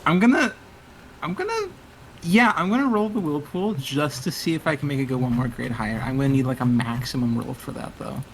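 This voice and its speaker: A man playing a tabletop game, describing his character's actions and thinking aloud over his rolls in a deliberate way. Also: mid-range voice, a little hiss or hum, poor audio. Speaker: player. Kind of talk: casual tabletop role-play.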